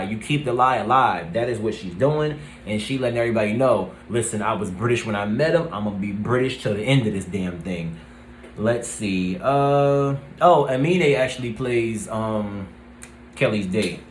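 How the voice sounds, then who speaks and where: A man giving a casual, rambling recap of a TV episode, often pausing with "let's see" and "um". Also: mid-range voice, a little hiss or hum. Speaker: TV review vlogger. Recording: roomy echo.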